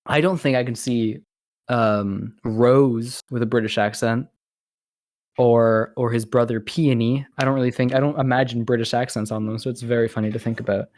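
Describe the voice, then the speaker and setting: A man's voice: mid-range voice, steady tone, normal speed, a little mellow, dry recording. Chatty man on a dry podcast mic. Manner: chatty, rambling, laughs often. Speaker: podcast co-host. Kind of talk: casual chat.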